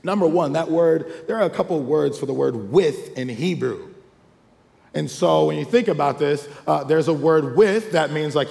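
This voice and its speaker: A male pastor, preaching a lively sermon with call-and-response asides and acted-out quotes. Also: a little high, normal speed, creaky. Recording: long hall reverb.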